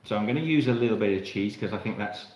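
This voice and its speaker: A man's voice: lowish voice, animated, fast talker, a little mellow, reverberant, rough recording. An Australian man hosting a live cooking stream, chatting to viewers in a rambling way while he cooks in his kitchen. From Australia, Melbourne. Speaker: cooking channel host.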